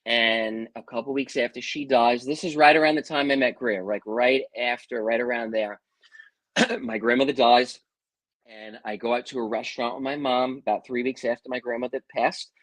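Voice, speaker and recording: A middle-aged man talks at an ordinary pitch and tells his stories in a loose, chatty way. He sounds animated and drops in "bro" and "man". The recording is dry and close, with no room sound. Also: moderate pace, no echo, low-quality recording. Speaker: interview guest, psychic medium. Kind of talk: casual storytelling.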